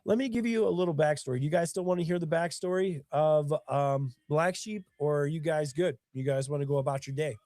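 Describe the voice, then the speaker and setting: A man's voice: a little high, a little fast, few pauses, warm tone, dry recording, studio quality. A man with bronchitis, sniffling as he hosts his own live stream in casual chat. He tells stories earnestly and emotionally, with a lot of rambling.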